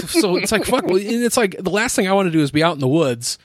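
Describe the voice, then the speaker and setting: Man, young, rambling and cursing, slightly high voice, dry close sound. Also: very animated, fast talker, dry recording. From United States. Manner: rambling, profane, laughs often. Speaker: podcast co-host. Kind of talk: casual storytelling chat.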